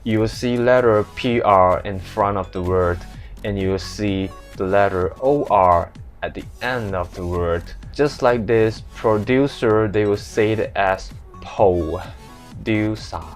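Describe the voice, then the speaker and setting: Malaysian man explaining pronunciation, low voice. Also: faint music behind. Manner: lists example words slowly, then repeats them. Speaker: English pronunciation presenter. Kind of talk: casual explainer lesson.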